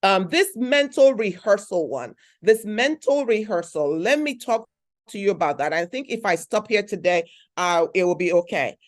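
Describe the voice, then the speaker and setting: A woman's voice: medium pitch, expressive, moderate pace. A woman giving an emphatic motivational talk, repeating her points and checking in with the audience. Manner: emphatic, repeats phrases, asks the audience questions. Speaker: speaker at a conference.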